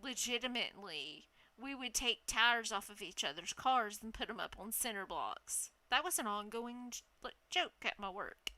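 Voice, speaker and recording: Bright, animated woman. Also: a little high, normal speed, hardly any pauses, no echo. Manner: animated, laughing, swears freely. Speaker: storyteller. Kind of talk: casual storytelling.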